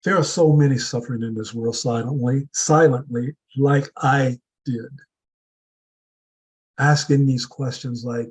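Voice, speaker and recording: Man, husky mid-range voice, earnest motivational speaker stacking rhetorical questions. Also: mid-range voice, fairly even intonation, measured pace, rough recording. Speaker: speaker at a public speaking club meeting. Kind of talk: prepared motivational speech.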